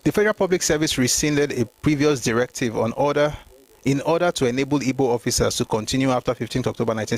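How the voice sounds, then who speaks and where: Man, history livestream host, reads aloud, emphatic remarks. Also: mid-range voice. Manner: reads documents aloud, then comments emphatically; addresses viewers by name, mixes Yoruba phrases.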